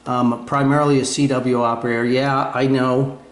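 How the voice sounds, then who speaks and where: A man's voice: medium pitch, level tone, normal speed. Rambling New Jersey man in an echoey room. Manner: rambling and self-deprecating, with fillers and restarts. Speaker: ham radio video host. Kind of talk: casual show-and-tell chat. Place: home radio room.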